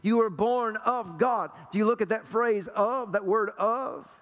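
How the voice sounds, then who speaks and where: A man's voice: sits high, unhurried, fairly bright tone, in a large hall. A man preaching a sermon to a church congregation, emphatic, hammering home repeated rhetorical questions. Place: church sanctuary.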